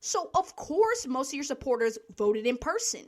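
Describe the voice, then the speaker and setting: A woman's voice: sits high, very animated, normal speed. A woman hosting a solo podcast, ranting in a blunt, profane, heated way, with sighs and laughs between her points. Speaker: podcast host.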